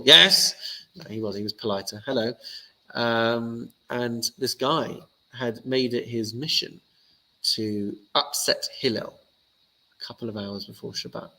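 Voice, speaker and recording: Gravelly rabbi teaching. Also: male voice, mid-range voice, pushed and bright, poor audio. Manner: chatty, joking, loose storytelling. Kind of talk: casual Torah lesson.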